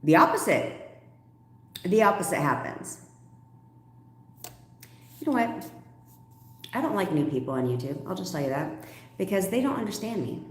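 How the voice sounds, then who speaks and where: A woman coach answering viewer questions on a livestream, blunt and animated, swearing freely and laughing often. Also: on the low side, moderate pace, pauses often, reverberant. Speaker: manifestation coach.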